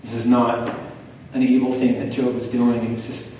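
A man's voice: mid-range voice, normal speed, slight background noise. Man preaching in an echoey hall. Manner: conversational, animated when quoting others. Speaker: pastor. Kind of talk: sermon. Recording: echoey hall, far from the mic.

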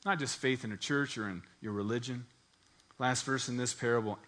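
A man preaching a sermon as pastor, telling a personal story in an earnest, animated way. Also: mid-range voice, moderate pace, long pauses.

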